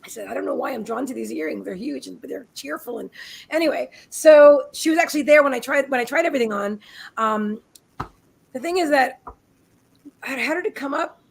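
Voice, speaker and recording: A high-pitched woman chatting on a live video stream from her home. She tells stories in a rambling, friendly way, full of restarts and asides, with the easy tone of a regular co-host. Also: a little fast, gravelly, breathy edge, rough recording. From United States. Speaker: co-host of a live psychic reading show. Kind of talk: casual live-stream chat. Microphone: webcam on a live video stream.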